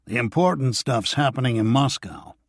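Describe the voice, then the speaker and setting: A man's voice: medium pitch, expressive, normal speed, no room sound, studio quality. A man reading a blunt, cynical newsman. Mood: grumbling.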